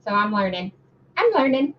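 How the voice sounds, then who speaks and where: A woman's voice: medium pitch, very animated. Woman guest on a distant, dull video call. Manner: chatty, halting with fillers and restarts. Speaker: guest crafter and educator. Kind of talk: casual live-stream chat.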